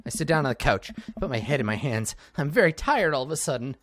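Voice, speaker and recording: A man playing through a video game and reading its text aloud for laughs. His pitch swoops all over as he jokes, and he swings from loud outbursts to mumbled asides with a bit of swearing. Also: lively intonation, quick pace, hardly any pauses, a little hiss or hum. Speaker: let's-play gamer. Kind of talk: comedic game read-through.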